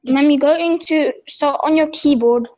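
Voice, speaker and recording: A woman student explaining something to her teacher in a halting way, searching for words. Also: sits high, mellow. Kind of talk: hesitant classroom explanation. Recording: dull lo-fi call audio.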